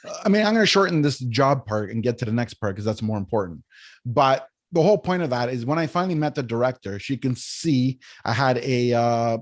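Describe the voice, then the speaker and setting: Man, podcast guest, animated storyteller, keeps asking "right?", middle pitch. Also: brisk. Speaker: podcast guest, business coach. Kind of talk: casual storytelling interview.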